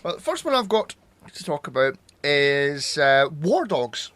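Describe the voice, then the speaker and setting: A man's voice: a little high, big pitch swings, measured pace, fairly bright tone, no echo. A man co-hosting a casual film podcast, chiming in with brief, eager reactions. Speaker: podcast co-host.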